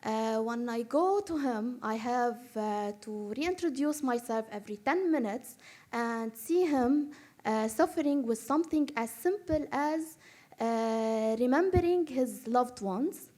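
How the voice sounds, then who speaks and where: High mellow-voiced young woman presenting. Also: expressive, unhurried. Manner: hesitant, many uh fillers. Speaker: student presenter. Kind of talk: short research talk.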